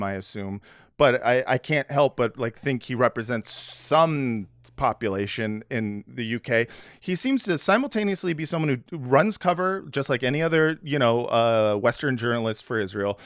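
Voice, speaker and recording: A man's voice: mid-range voice, smooth, no room sound. A man hosting a podcast, chatting loosely and jokingly with plenty of fillers on a close mic. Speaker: podcast host. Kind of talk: casual comedic chat.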